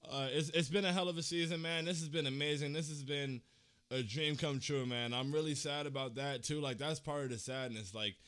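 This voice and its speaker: Choked-up young man, smooth voice. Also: on the high side, steady tone, a little fast, fairly bright tone. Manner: emotional, slangy, repeats himself. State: holding back tears. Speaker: fan channel host. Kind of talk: casual livestream talk.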